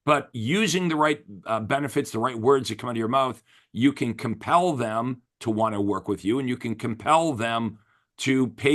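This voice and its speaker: In a casual interview, an enthusiastic man coaches real estate agents with emphatic, motivating energy. His voice sits at an ordinary middle pitch.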